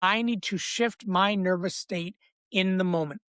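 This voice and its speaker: A man who works as a breathwork coach, explaining in a podcast interview with an emphatic, repetitive teaching cadence and an animated delivery. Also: high voice, unhurried, smooth, no room sound. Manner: animated, acts out inner voices.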